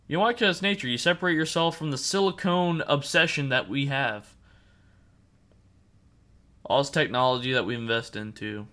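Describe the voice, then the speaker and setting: Bright-voiced man ranting on a podcast. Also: medium pitch, normal speed, long pauses. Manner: emphatic, fires off rhetorical questions; repeats and restarts words while ranting. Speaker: podcast host. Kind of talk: opinionated solo podcast rant.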